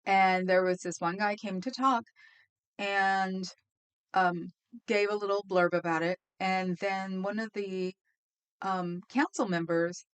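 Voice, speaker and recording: A woman live-streaming in a loose, rambling way, with a voice of ordinary middle pitch. She chats straight to her viewers and laughs easily as she wanders from one thought to the next. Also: fairly even intonation, clean tone. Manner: rambling, chatty, quick to laugh; talks to viewers in chat. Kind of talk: casual live-stream chat.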